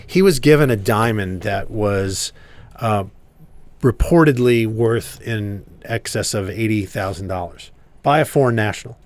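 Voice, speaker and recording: A man's voice: fairly low pitch, a little slow. A man who is a congressman, a guest in a casual podcast interview, telling stories emphatically. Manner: storytelling, emphatic.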